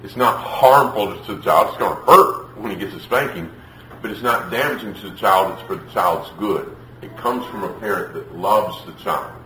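A man preaching a sermon, emphatic, acting out parents and children in quick put-on voices. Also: low-pitched, bright, forceful tone, roomy sound, slight background noise, low-quality recording.

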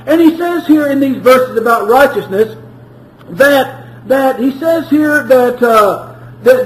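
High-voiced earnest male preacher, echoey room. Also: a little hiss or hum. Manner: earnest, repeats words, rises when pleading. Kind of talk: sermon.

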